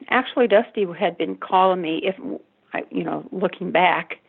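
An older woman speaks in a low, husky voice, often stopping and restarting mid-sentence as she recalls events as a mother. She comes through a thin, tinny phone line. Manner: halting, stuttering, many restarts. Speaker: mother of the convicted man, interviewee. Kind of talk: emotional personal recollection.

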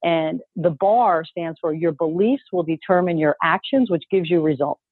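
A woman's voice: lowish voice, normal speed, slightly rough, dry recording. A woman coach giving an upbeat, emphatic motivational talk, coaxing listeners to repeat phrases after her, heard over a call. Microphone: call audio. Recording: dry tinny phone-like call audio.

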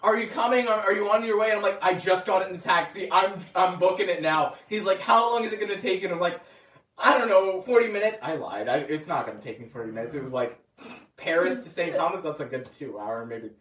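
A young man with a high voice tells a lively story in a roomy space, a bit away from the mic. He laughs often and jumps up in pitch when he acts out what people said. It's casual and animated. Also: brisk, distant mic. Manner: excited, laughing storyteller who acts out quotes. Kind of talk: casual chat.

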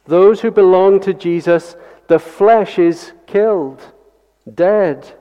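A man delivers a sermon in an earnest, searching way, repeating key phrases and asking the congregation rhetorical questions. His voice sits a little high for a man. The sound is dull and lo-fi, with a long hall reverb around him. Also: slow pace, dark tone, clear, resonant tone. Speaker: pastor. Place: church.

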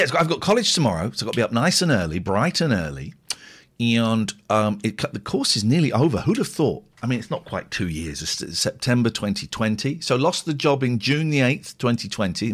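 A middle-aged man from England hosts a radio show in a loose, jokey, rambling way. His pitch swings widely as he tells stories. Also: big pitch swings, normal speed, breathy edge. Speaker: radio host reading listener messages. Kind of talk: casual chat.

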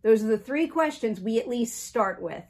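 A woman's voice: a little high, lively intonation, normal speed, darkish tone. A woman hosting a casual interview show, upbeat and playful as she reads out game questions. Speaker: host.

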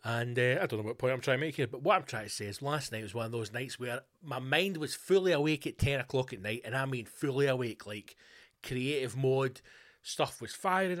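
A Scottish man hosting his own podcast, talking alone in a rambling, sweary, animated way. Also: mid-range voice, fairly quick. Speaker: podcast host. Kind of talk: casual monologue.

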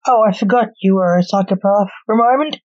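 A woman's voice: mid-range voice, brisk, darkish tone, lightly acted. A woman voicing the king of the grim reapers, a father with a dry, mocking way of talking. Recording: dull lo-fi recording.

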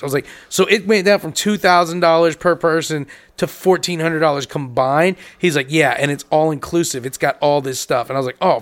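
A man's voice: on the high side, fairly bright tone. A young man on a podcast, telling a long story casually, swearing and acting out both sides of each conversation. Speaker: podcast co-host.

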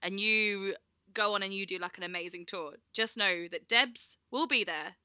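Young woman, podcast co-host, very bright, dry close sound, chatty and laughing. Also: medium pitch, normal speed, clear, resonant tone, dry recording. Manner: chatty storyteller, laughs often, swears casually. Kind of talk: casual chat.

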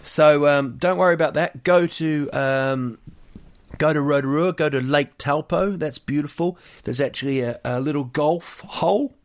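A man's voice: fairly high pitch, moderate pace. Rambling New Zealand man, jokey. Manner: rambling, jokey storyteller with many fillers and restarts. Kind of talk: casual chat.

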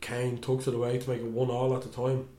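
Man, animated football chat, echoey room. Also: fast, a little hiss or hum. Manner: animated, mimics players with sudden high voices. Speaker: podcast co-host.

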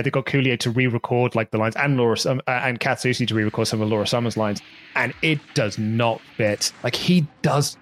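A man co-hosts a podcast in an enthusiastic, rambling way, restarting his sentences often. His voice sits at a middling pitch for a man. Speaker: podcast co-host. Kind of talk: casual chat.

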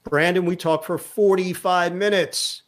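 Lively storytelling man, slightly high voice. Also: measured pace. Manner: lively anecdote teller who acts out quotes. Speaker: guest; sports broadcaster. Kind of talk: storytelling in a podcast interview.

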